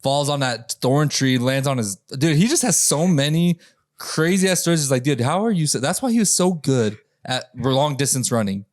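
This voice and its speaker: Man, 30s, podcast guest, profane, animated storytelling, casual. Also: mid-range voice, normal speed. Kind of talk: casual chat.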